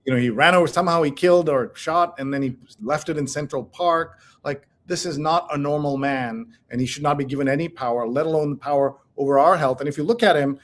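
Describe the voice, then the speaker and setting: A man co-hosting a casual talk show, opinionated and animated, who reads headlines aloud and reacts with blunt commentary. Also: a little high, fast, few pauses. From India. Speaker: co-host. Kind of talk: casual chat.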